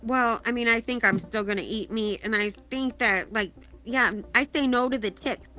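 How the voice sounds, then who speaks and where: Chatty, fairly high-voiced woman caller. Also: moderate pace, sharp tone, soft background music. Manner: chatty, gossipy, laughs often. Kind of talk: casual chat.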